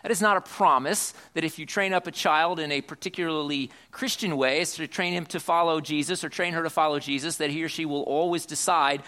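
A man's voice: on the high side, steady tone, fairly quick, hardly any pauses, sharp tone. A man preaching a sermon as a church pastor, earnest, often repeating words as he restarts, reading scripture aloud.

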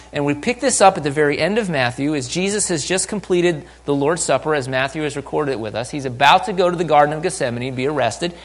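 A male pastor preaching a sermon in an animated way. He swings from loud, raised bursts down to near-quiet asides. He acts out the voices of the people in the story as he goes. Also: a little high.

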